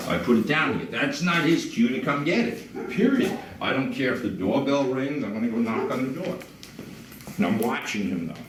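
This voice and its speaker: A man working as a dog trainer, calmly explaining and demonstrating while giving short commands to dogs indoors at a house. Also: medium pitch, normal speed. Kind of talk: instructional demonstration. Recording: roomy, distant mic with background noise.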